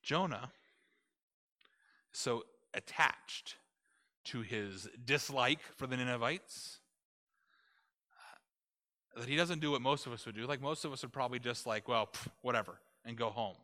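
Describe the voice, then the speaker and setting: A man preaching a conversational sermon, retelling a story with animated delivery and asking his listeners rhetorical questions. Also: medium pitch, unhurried, long pauses.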